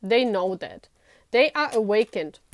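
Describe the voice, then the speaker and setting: A woman's voice: mid-range voice, sing-song, measured pace, no echo. A woman giving a casual tarot reading to her viewers, chatty and playful, often breaking into giggles. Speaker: tarot reader.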